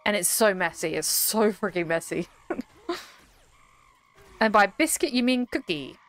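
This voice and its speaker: A woman's voice: medium pitch, animated, unhurried, soft background music. A young woman streaming, chatting casually with her live chat in a rambling, giggly way.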